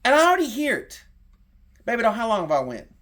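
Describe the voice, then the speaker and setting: A middle-aged man with a Southern drawl and a very high voice rants about his team. He talks heated and profane, circling back on the same points. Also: wildly swooping pitch, fast, a bit bright. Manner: heated, profane, repetitive rant. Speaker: sports fan content creator. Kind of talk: fired-up sports rant.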